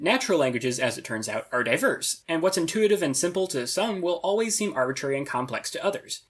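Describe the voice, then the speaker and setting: A man's voice: a little high, fairly bright tone, slightly rough. A young man narrating a scripted explainer video with a dry, lecturing delivery and wry asides.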